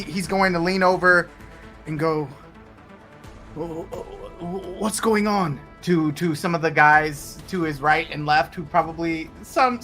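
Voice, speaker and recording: A man's voice: fairly high pitch, a bit bright. A man playing a tabletop game, hesitantly describing what his character does. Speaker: player.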